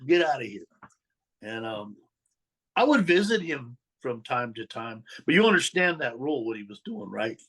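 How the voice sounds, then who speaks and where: As an interview guest, a man formerly tied to the mob relates his past like a story, animatedly voicing the dialogue. His voice is medium in pitch and slightly rough, at a moderate pace.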